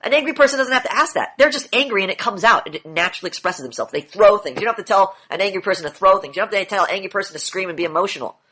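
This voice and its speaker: A man's voice: sits high, animated, rapid-fire, hardly any pauses, pushed and bright. A man coaching a group in an online session, lecturing bluntly, repeating key phrases and swearing now and then. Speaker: demand training coach.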